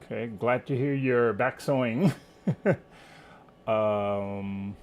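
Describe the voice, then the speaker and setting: A man's voice: medium pitch, drawn-out words, phone-quality sound, slight background noise. A man hosting a quilting live stream from home, chatting casually, greeting viewers by name and sometimes losing his train of thought. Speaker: quilting livestream host.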